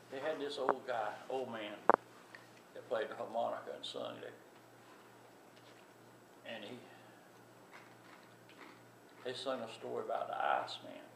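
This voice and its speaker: A man's voice: medium pitch, animated, measured pace, gravelly, pauses often. An older man telling a family story in a rambling, folksy way with many restarts. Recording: distant echoey recording with loud background noise.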